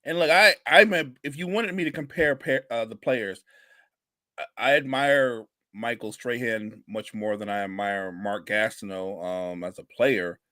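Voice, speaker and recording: A man's voice: lowish voice, measured pace, sharp tone, no room sound. A man co-hosting a sports podcast, giving emphatic, opinionated takes in casual talk.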